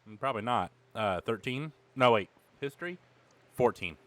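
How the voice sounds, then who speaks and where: A man playing a tabletop game, tossing in quick, joking asides. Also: medium pitch, expressive, a bit bright. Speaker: player. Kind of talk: tabletop game play, casual.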